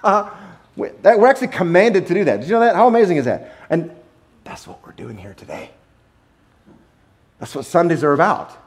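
Animated pastor with a lilt. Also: male voice, high voice. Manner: conversational and animated, with playful laughs and drawn-out emphasis. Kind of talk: sermon. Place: church sanctuary.

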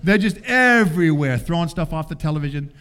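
An older man preaching, telling a family story in an animated way and acting out voices. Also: on the high side, brisk. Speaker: pastor. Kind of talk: sermon storytelling.

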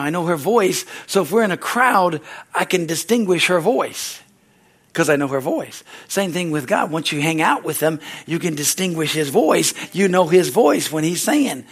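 A man preaching a sermon in a conversational style, often asking the congregation "Amen?" and acting out quoted voices, rising loud at climaxes and dropping soft. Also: sits high, slightly rough. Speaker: pastor.

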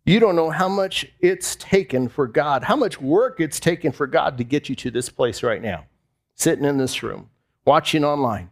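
A man's voice: fairly high pitch, normal speed. A man preaching a sermon to a congregation, conversational, repeating phrases and asking the room questions. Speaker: pastor. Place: church hall before a congregation.

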